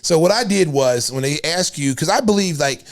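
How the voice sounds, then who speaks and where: A man in his fifties chats on a podcast, spinning a long story and breaking into laughter. His voice sits a little high, swings up and down a lot, and has a gravelly rasp. He acts out the other people in his tale. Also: moderate pace. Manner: animated storyteller, laughing, acting out quotes. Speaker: podcast host. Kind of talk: casual storytelling chat.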